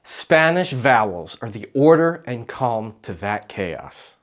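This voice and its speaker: A man teaching clinical Spanish to therapists, with clear repeat-after-me drills and light jokes. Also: mid-range voice, sing-song, slow pace. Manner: patient, clear, lightly joking.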